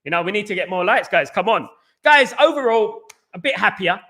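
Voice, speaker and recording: Guy hosting a live fan stream, high bright voice, talks super fast, chatty. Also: animated. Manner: very fast-talking, reads out viewer comments. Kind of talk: casual live stream chat.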